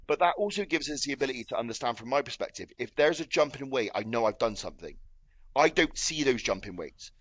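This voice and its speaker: A man's voice: mid-range voice, expressive, quick pace, a bit bright, no room sound. Earnest man explaining coaching. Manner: earnest and explanatory, with many "like" fillers. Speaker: bodybuilding coach and podcast co-host. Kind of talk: casual podcast chat.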